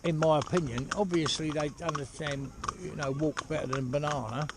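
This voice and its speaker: A horse trainer talking casually outdoors while driving a pony cart, rambling and chatty with lots of "you know". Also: male voice, fairly high pitch, steady tone, moderate pace. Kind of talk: casual spoken instruction while driving ponies. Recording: loud hoof clatter and outdoor noise.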